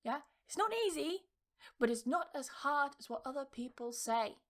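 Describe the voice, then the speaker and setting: A woman's voice: sits high, animated, normal speed. A woman hosting an English-learning podcast, giving a casual motivational talk in a blunt, emphatic way, swearing now and then and checking in with her listeners. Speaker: English teacher and podcast host.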